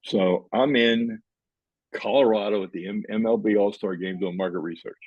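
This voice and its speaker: A man's voice: on the low side, moderate pace, slightly rough, no echo, muffled recording. An older man, a professor guest on a podcast, telling a long story and acting out the dialogue in it.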